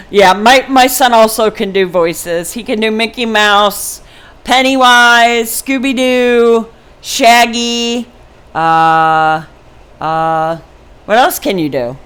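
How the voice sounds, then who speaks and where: A woman's voice: a little high, slow pace, long pauses, fairly bright tone, clean tone. Rambling middle-aged woman vlogger. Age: 50s. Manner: rambling, frank, many ums and restarts. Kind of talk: casual personal talk to camera.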